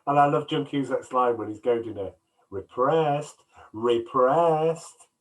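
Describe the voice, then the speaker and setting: Man chatting about a film, off-mic. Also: medium pitch. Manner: retells scenes with quick put-on quotes. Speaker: podcast co-host. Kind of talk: casual film chat. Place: home, video call. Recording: distant from the mic, headset.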